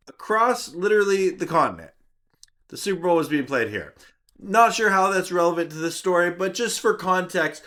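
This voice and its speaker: A man vlogs a story with a lively voice that swoops up and down, pitched a touch high. He narrates with self-mocking humor, repeating himself for effect. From Canada. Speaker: YouTube channel host. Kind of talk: vlog storytelling.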